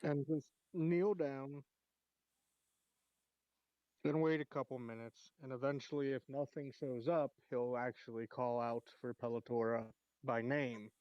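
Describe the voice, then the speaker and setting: A man's voice: medium pitch, fairly even intonation, a little slow, no room sound, lo-fi sound. Hesitant man playing a tabletop game. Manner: hesitant, with many fillers. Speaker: player. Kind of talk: describing his character's actions in a tabletop game.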